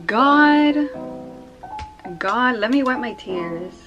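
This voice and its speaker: A woman's voice: on the high side, moderate pace, muffled recording. A young woman filming an unboxing vlog at home, gushing, squealing and tearful, repeating herself breathlessly. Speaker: vlogger. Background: background music.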